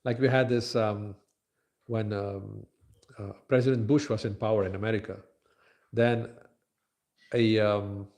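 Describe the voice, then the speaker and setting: Man giving a relaxed scripture talk. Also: fairly low pitch. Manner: conversational, many fillers and pauses. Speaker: temple lecturer. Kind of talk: scripture class lecture.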